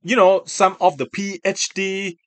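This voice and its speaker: Slow, halting Thai-accented man. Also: high voice, flat delivery, fairly bright tone, dry recording. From Thailand. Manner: halting, filler-heavy, searching for words. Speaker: video creator. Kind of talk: casual chat with a voice assistant.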